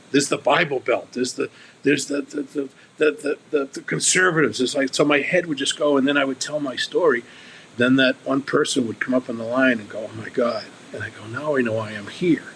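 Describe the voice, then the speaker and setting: A man's voice: medium pitch, fairly bright tone, a little hiss or hum, poor audio. A man speaking as a guest on a recovery podcast, earnest and candid, often restarting and repeating his words.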